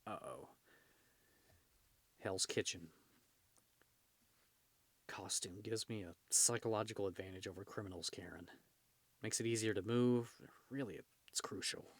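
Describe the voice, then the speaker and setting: A man casually reading a comic book aloud, stopping often to joke and laugh, and now and then shouting the characters' lines. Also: on the low side, measured pace, long pauses, no room sound. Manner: reads panels aloud, breaking off to joke and laugh; shifts into loud shouted character voices for dialogue. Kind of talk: casual comic read-along with commentary.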